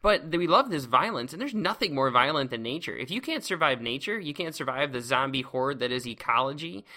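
Here the man's voice is mid-range, animated, slightly fast, and pushed bright. He sits close to the microphone hosting a casual science lecture podcast, full of playful exuberance and generous with words like "awesome."

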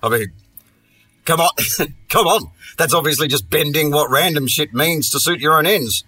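A man's voice: a little high, normal speed, sharp tone, breathy edge, no echo, faint music behind. A man hosting a podcast, telling a story in a casual monologue full of profane, sardonic, rambling asides. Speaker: podcast host.

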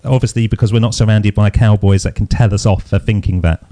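A man's voice: fairly low pitch, steady tone, mellow, no room sound. A middle-aged British man hosting a casual interview, playful and teasing. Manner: playful, teasing, quick asides. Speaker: podcast host.

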